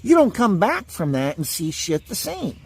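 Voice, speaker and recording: A man's voice: high voice, huge pitch swings, moderate pace, slightly rough. A man delivering an angry, repetitive monologue, insulting and swearing at his listeners. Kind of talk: ranting monologue to camera.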